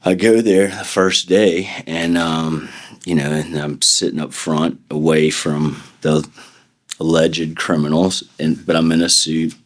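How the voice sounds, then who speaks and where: A very deep-voiced middle-aged man, a defense attorney, talks casually as an interview guest. He tells rambling stories and acts out quotes from the people in them. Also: steady tone, unhurried. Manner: rambling anecdotes with acted-out quotes.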